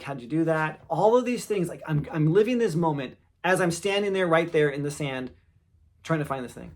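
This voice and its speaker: A man hosting his own podcast, telling a family story in a loose, casual way. He sounds fairly high for a man and keeps it animated, acting out the quotes. He is in his thirties or forties. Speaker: podcast host.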